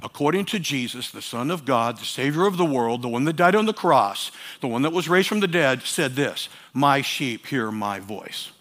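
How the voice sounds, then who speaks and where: High-pitched male pastor, emphatic sermon delivery with repeated phrases. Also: lively intonation, a little fast, hardly any pauses. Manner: emphatic, swings between loud urging and quiet asides.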